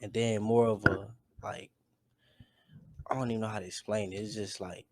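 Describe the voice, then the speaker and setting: A man hosting a podcast in casual chat, halting and searching for words, with many restarts. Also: on the low side, steady tone, a little mellow, slight background noise. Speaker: podcast host.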